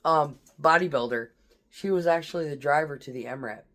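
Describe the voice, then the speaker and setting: Low but a little bright, her voice moves at a brisk clip. She's a woman veteran swapping tour stories in a blunt, casual, foul-mouthed way, chuckling through the stressful parts.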